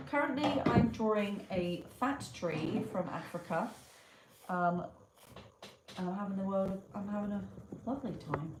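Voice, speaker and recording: A woman chatting casually to viewers during a live stream while she draws, muttering to herself and greeting them brightly. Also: medium pitch. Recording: echoey room with clear background noise.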